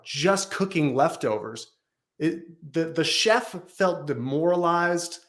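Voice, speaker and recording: A man speaking as a guest on a business talk show, telling a story with emphatic repetition. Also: on the high side. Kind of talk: storytelling in conversation.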